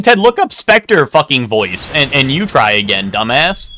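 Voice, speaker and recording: A man's voice: medium pitch, sing-song, measured pace, sharp tone. A man streaming a game live, chatting casually with a rambling, swearing, laughing manner. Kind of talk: casual live gameplay commentary.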